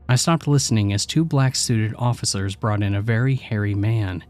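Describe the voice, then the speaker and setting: A man narrating a scripted horror story in a steady, measured way. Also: fairly low pitch. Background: faint music.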